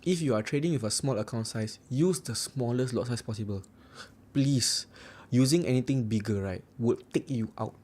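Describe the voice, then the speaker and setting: A young man with a Singaporean English accent hosts a casual livestream. His voice is mellow and dark at a middle pitch. He talks in a blunt, joking way and keeps saying "right.". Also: normal speed. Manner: chatty, repeats "right" often, blunt and joking. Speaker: forex trading livestream host. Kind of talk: casual livestream chat reading viewer comments.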